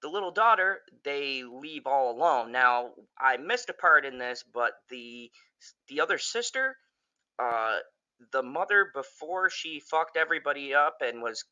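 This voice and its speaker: A man giving a casual, profane, rambling spoken review of a horror movie, getting excitable and jumping up in pitch when he quotes characters. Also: measured pace, muffled recording. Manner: jumps high when quoting characters.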